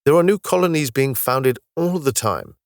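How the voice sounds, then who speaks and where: A man voicing a calm, knowledgeable male space officer from the far future who patiently explains his world with a wry touch. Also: mid-range voice, moderate pace, no room sound, studio quality, voice pushed up, lightly acted. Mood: explaining.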